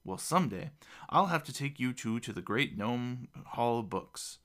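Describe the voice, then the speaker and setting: A man's voice: mid-range voice, animated, moderate pace, fairly bright tone, natural voice. A man voicing an ancient, small male gnome ambassador who is playful and grandly formal. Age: older. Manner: mischievous, theatrical, grandly formal.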